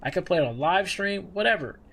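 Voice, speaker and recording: Chatty man streaming, slightly high voice. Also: expressive, brisk, gravelly, a bit bright. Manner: rambling, conversational, with frequent restarts and fillers. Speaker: VTuber streamer. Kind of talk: casual chat on a livestream.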